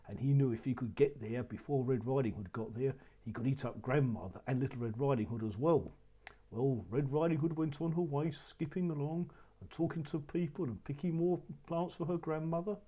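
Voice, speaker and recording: A man narrating a children's story with an expressive, animated telling. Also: mid-range voice, husky.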